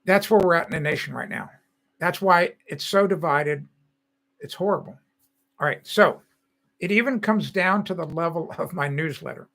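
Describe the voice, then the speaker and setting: An older man with a high, bright voice hosts a casual live stream. He talks in a chatty, rambling way, full of opinions and restarts. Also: normal speed, gravelly. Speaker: host.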